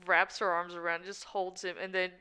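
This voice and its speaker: A woman's voice: lowish voice, little pitch movement, fairly quick, sharp tone, clean tone. A woman narrating her character's actions in a casual roleplay, rambling and giggly. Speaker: roleplay player. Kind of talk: casual collaborative storytelling.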